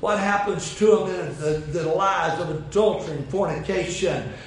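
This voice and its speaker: A man preaching a sermon, telling a folksy story with repeated phrases and building to impassioned shouted climaxes. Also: sits high, normal speed. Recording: very echoey room with faint noise.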